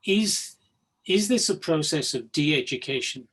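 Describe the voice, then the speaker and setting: A man in the audience puts a question to the panel. He speaks slowly and starts a little hesitantly. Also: on the high side, animated, fairly bright tone, slightly rough. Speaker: audience member asking a question. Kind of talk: question from the floor.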